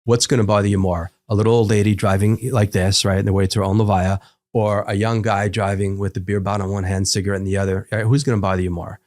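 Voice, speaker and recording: A man in a podcast conversation, explaining calmly as a psychologist and acting out little quoted voices with humor. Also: fairly low pitch, quick pace. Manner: animated teacher, acts out quotes, jokes. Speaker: psychologist guest.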